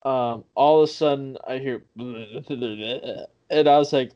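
A man's voice: mid-range voice, steady tone, moderate pace, darkish tone. Young guy rambling thru a story, swears a lot, dull lo-fi sound. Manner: profane, rambling, self-correcting. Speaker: podcast guest. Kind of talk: casual storytelling.

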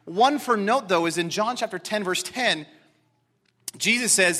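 A man preaching an expository sermon to a seated congregation in a church, emphatic and excitable, swinging between loud declarations and hushed asides. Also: high voice, measured pace.

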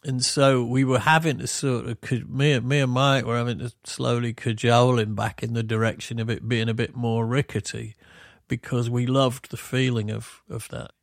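Gravelly middle-aged Yorkshire man. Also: medium pitch, little pitch movement, normal speed, dry recording, studio quality. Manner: rambling, self-interrupting, explains gently. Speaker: podcast co-host, musician. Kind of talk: casual reminiscing chat.

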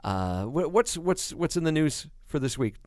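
A man's voice: a little high, sing-song, normal speed, dry recording, studio quality. A man co-hosting a casual podcast, laughing often and swearing casually while he reads out show plugs. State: tired new father. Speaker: podcast co-host.

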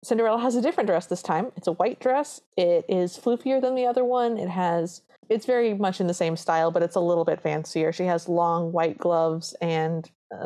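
A woman co-hosting a podcast, gushing as she retells a film in animated storytelling. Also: fairly low pitch, creaky. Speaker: podcast co-host. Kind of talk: casual film recap chat.

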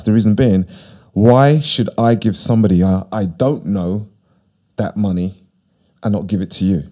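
Rambling deep-voiced man. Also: brisk, warm tone. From United Kingdom. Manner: rambling, repeats himself, emphatic. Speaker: podcast guest. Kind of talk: casual conversation.

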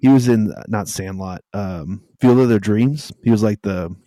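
A man co-hosting a casual podcast from his home office, jokey and halting, often trailing off while searching for words. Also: fairly low pitch, dark tone, no echo, studio quality. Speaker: podcast co-host.

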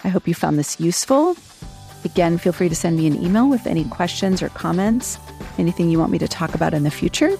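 A woman hosting a solo podcast as a coach, talking in a calm, reflective way and often checking in with "right?". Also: fairly low pitch, fast talker, vocal fry, faint music behind. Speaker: podcast host and coach for physicians.

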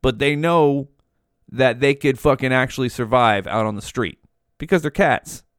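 A man's voice: mid-range voice, moderate pace, a bit bright, no room sound, clean studio sound. A young man hosting a podcast, rambling in a casual monologue, swearing often and saying "dude" a lot. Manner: profane, rambling, says "dude" constantly. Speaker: podcast host.

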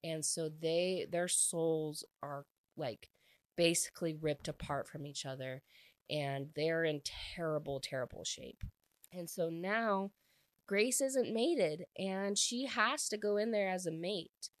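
A woman with a low, deep-set voice talks through a book's plot in a loose, chatty way, stringing events together with frequent filler words. The sound is close and dry, with no room around it. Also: slow pace, no room sound. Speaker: book reviewer. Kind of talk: casual book recap.

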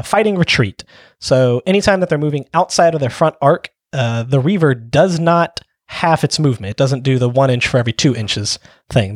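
A man's voice: mid-range voice, dry recording, clean studio sound. A man co-hosting a casual tabletop gaming podcast, walking through rules step by step with frequent ums. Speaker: podcast co-host.

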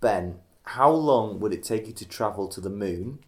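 Low-voiced male co-host, playful mock-presenter. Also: expressive, normal speed, darkish tone. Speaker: podcast co-host running a quiz segment. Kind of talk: casual chat.

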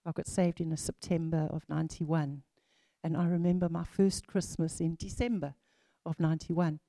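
Lady in her 50s giving a sermon, chatty with lots of ums, low mellow voice, dry sound. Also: flat delivery, normal speed, dry recording. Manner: chatty, many fillers and restarts. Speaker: preacher.

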